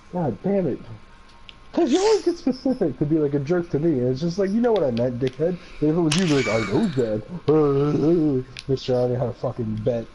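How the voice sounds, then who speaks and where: A man on a gaming stream with a fairly high, very lively voice swings between mock fury and laughter. He curses freely and keeps slipping into quoted voices of his friends. A steady noisy hiss sits under his noisy headset recording. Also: fairly quick. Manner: profane, mock-angry ranting with frequent laughter; puts on quoted voices of others. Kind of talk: casual gaming chat.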